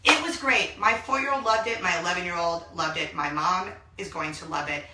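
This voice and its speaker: A woman in her thirties hosting a casual vlog from a small laundry room, talking excitedly and gushing to her viewers. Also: on the low side, fairly quick, background noise. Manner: gushing, excitable, bursts into song. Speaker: vlog host. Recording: echoey small room, mic at a distance.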